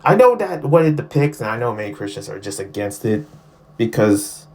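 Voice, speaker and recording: A man reviewing a show in casual podcast talk, chatty and excitable, who often breaks into playful impressions. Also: on the low side, moderate pace, a little hiss or hum.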